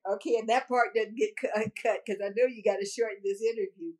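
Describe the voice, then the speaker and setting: An older woman answering interview questions with animated storytelling, emphatic repetition and frequent laughter. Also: medium pitch, fast talker. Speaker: interviewee, businesswoman.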